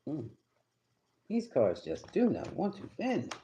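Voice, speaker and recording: A man's voice: fairly high pitch, wildly swooping pitch, slow, warm tone, a little hiss or hum. A man doing a live tarot reading, chatty and emphatic, talking straight to his viewers. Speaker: tarot reader.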